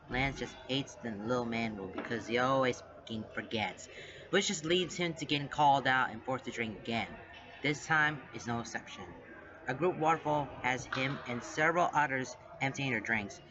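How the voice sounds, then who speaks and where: A man calmly reading fan fiction aloud at a measured pace, in a dull lo-fi recording. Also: mid-range voice. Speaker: story reader.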